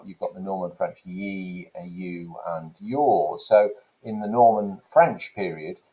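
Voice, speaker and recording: A man's voice: lowish voice, dark tone, low-quality recording. A man who teaches English, explaining to students and asking them questions along the way. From England. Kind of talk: recorded classroom lesson.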